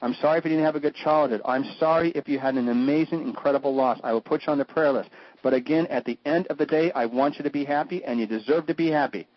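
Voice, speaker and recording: Husky, theatrical man, radio guest; slightly high, dry lo-fi radio sound. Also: fast talker, dry recording. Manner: flamboyant, jokey, swoops into high mock voices. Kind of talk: animated talk-radio chat. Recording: dull lo-fi radio audio.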